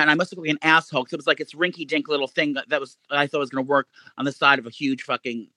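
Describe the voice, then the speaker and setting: A man co-hosting a podcast in casual chat, an animated storyteller who swears a lot and acts out quotes in a high voice. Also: very fast, no echo. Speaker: podcast co-host.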